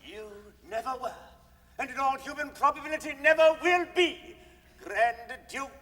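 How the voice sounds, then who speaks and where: Guy doing a high bright fussy pompous duke, stage opera patter, echoey theater. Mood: indignant. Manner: rapid patter, indignant. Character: pompous blustering grand duke, outraged and scolding. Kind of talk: comic opera patter singing and stage dialogue. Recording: reverberant live stage recording.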